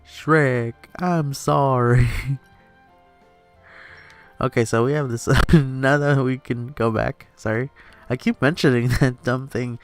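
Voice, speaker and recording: Joven youtuber divagando sobre un juego. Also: male voice, medium pitch. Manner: rambling, lots of fillers and laughs. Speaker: let's play host. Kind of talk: casual gaming commentary. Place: home room.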